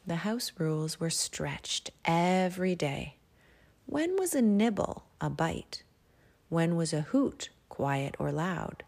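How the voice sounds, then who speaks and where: Brief: hushed woman storyteller, slow, low, gravelly, half-whispered reading. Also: big pitch swings. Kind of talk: soft-spoken storybook reading.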